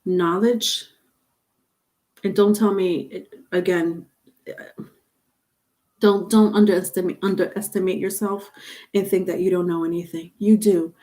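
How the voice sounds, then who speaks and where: A woman's voice: lowish voice, fairly even intonation, measured pace, long pauses, warm tone. Chatty woman giving a tarot livestream. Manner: chatty, repeats herself, laughs often. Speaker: tarot reader. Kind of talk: casual livestream talk.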